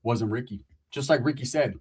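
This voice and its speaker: Husky-voiced man telling a rambling street story. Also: mid-range voice, moderate pace, darkish tone. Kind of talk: casual storytelling.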